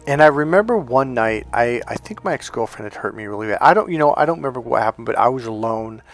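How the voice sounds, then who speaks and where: A man's voice: medium pitch, animated, quick pace, soft background music. A man working as a life coach, telling a personal story in a reflective, conversational way with restarts and fillers.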